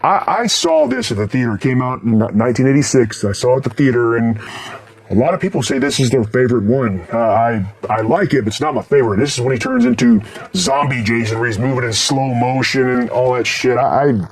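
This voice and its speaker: A middle-aged man reviewing horror movies in a casual, rambling way, swearing constantly and breaking into loud laughs. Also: medium pitch, animated, brisk. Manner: profane, rambling, bursts into loud laughs and shouts.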